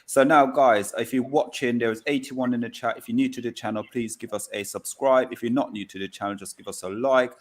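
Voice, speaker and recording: A man hosting a live football show, hesitant and talking loudly into his microphone. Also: medium pitch, fairly even intonation, brisk, few pauses. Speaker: host.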